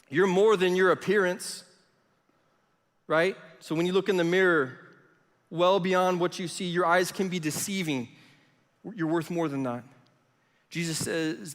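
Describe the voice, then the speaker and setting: A man's voice: a little high, a bit bright. A man in his thirties, a student pastor giving a youth sermon in a conversational, storytelling way. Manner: storytelling, conversational, self-deprecating. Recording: long reverb of a large hall.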